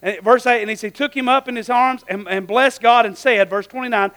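High, bright-voiced folksy preacher man. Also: a little fast. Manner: folksy, animated preaching with repeated calls of amen; breaks into shouts at high points. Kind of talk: sermon.

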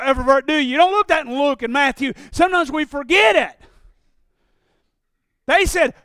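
A man preaching a sermon in a church, moving from quiet, confiding talk up to loud, shouted preaching. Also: very high-pitched, dry recording, studio quality. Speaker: pastor. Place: church sanctuary.

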